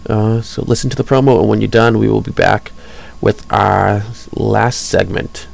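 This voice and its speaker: A man's voice: fairly low pitch, fairly even intonation, moderate pace, vocal fry, poor audio. A man hosting a casual podcast, rambling and chuckling enthusiastically as he talks about hobby news. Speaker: podcast host.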